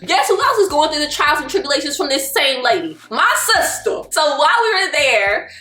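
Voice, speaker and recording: A woman, telling a personal story as a vlogger in an animated, exasperated way. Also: high-pitched, normal speed, reverberant, faint music behind. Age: 20s. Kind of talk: storytelling vlog.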